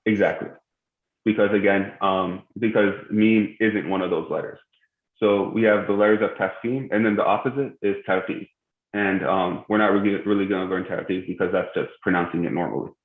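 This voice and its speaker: A man teaching a tajweed class online, patiently walking students through pronunciations with frequent pauses. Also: low-pitched, steady tone. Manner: patient, many "um" pauses, spells out pronunciations slowly. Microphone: video call. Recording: tinny phone-like call audio in an echoey room.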